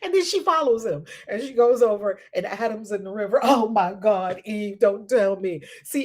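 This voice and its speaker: Woman host, husky edge, bouncy animated pitch, constant amused laughter in casual commentary. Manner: laughs often, incredulous and animated. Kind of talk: casual commentary on scripture reading.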